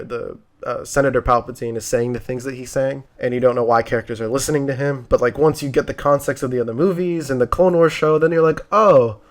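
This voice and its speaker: A man in his twenties, co-hosting a casual movie review, talking in a chatty way with lots of fillers and restarts. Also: mid-range voice. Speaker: co-host of a movie review show.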